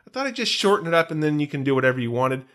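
A man's voice: on the high side, sing-song, racing, fairly bright tone. A man co-hosting a podcast in casual chat, rambling and self-deprecating. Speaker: podcast co-host.

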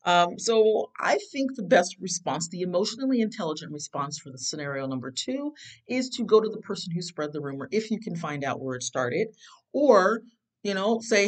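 A self-help speaker in an easy, rambling way, full of fillers and false starts, with a voice of middling pitch. Questions jump sharply upward in pitch. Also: sing-song, brisk, low-quality recording. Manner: rambling and conversational, with many fillers and restarts; sudden jumps in pitch on questions. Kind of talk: casual advice talk.

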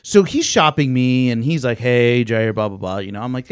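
Animated man telling a story. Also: medium pitch, brisk, hardly any pauses, clear, resonant tone, no room sound, studio quality. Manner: animated, acts out voices in the story. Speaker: podcast co-host. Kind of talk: casual storytelling.

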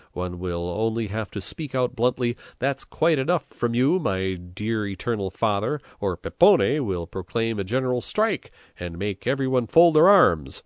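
Don Camillo, a sharp-tongued country priest who needles his opponent with sly irony, as a male narrator gives him voice. The voice is deep and low-set. It sounds dry and close, like a storybook read aloud. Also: no room sound, lightly acted. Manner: mocking, sardonic. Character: shrewd, combative male village priest, sarcastic. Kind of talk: audiobook reading.

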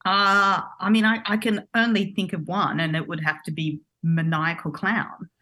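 A man co-hosting a podcast in casual chat, dry and quick to laugh. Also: sits high, steady tone, bright, forceful tone.

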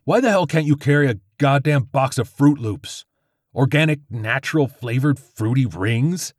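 A man voicing a gruff, angry bald man yelling slowly and emphatically. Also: mid-range voice, lively intonation, no echo, studio quality, voice pushed up, lightly acted. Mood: furious.

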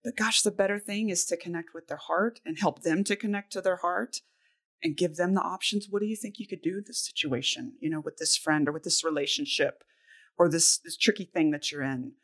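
A woman's voice: lowish voice, fairly quick. A woman hosting a casual podcast, asking her co-host questions and sharing her own thoughts in an encouraging way. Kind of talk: casual parenting podcast chat.

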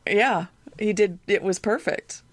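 Animated, laughing woman podcast co-host. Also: medium pitch, a little slow, no echo. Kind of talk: casual chat.

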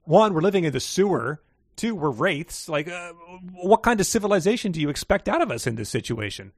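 A man's voice: high-pitched, big pitch swings, a little fast, no room sound, pitched above the performer's own voice, exaggerated voice. A man plays a grumbling male wraith from the sewers, put-upon and aggrieved. He complains in a slightly raised voice. The sound is dry and close.

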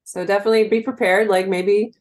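A woman's voice: mid-range voice, fairly even intonation, a little fast, a little mellow. A woman co-hosting a podcast in casual chat, talking freely and laughing easily. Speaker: podcast co-host.

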